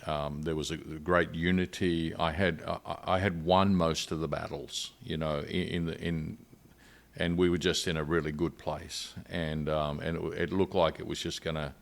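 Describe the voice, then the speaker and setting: Deep-voiced Australian man, earnest storyteller. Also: little pitch movement, moderate pace, gravelly. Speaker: missionary guest. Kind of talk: podcast interview storytelling.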